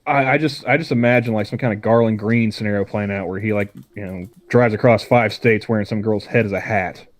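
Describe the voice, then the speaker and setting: A man's voice: on the low side, brisk. A young man co-hosting a podcast, rambling in casual chat and often stammering and restarting his sentences. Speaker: podcast co-host.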